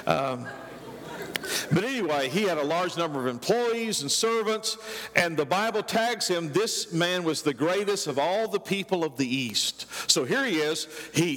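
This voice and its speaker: A man's voice: fairly high pitch, fairly bright tone, big-room sound. A man pastor preaching a sermon in a conversational way, with rhetorical questions and dry asides.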